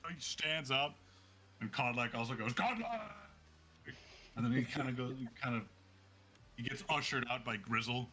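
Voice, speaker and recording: A man with a husky voice narrating a tabletop game as game master, lively and laughing often. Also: mid-range voice, moderate pace.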